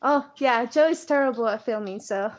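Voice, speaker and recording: A woman's voice: a little high, moderate pace. A young woman from El Salvador chatting shyly with livestream viewers, laughing often. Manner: shy, self-conscious, laughs often. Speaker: camera operator and host's wife. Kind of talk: casual livestream chat.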